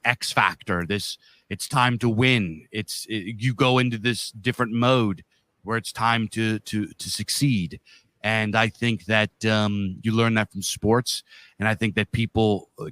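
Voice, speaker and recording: A man's voice: medium pitch, fairly bright tone, no room sound. A man co-hosting a podcast, telling a long story in a loose, profane, rambling way. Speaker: podcast co-host.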